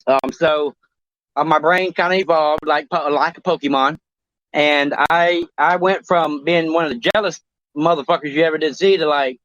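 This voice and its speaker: A man co-hosting a talk show in crude casual chat, rambling and halting, swearing often. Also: a little high, fairly bright tone, dry recording. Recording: dry, dull lo-fi sound.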